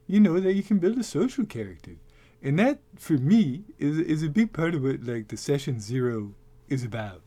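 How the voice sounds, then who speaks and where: A man hosting a casual talk, rambling and animated with many restarts. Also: mid-range voice, normal speed. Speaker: host. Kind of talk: casual talk on making tabletop game characters.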